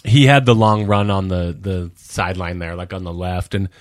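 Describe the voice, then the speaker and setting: Laid-back low-voiced man. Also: fairly even intonation, moderate pace, dry recording, studio quality. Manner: laid-back, short reactions and asides. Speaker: podcast co-host. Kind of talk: casual sports chat.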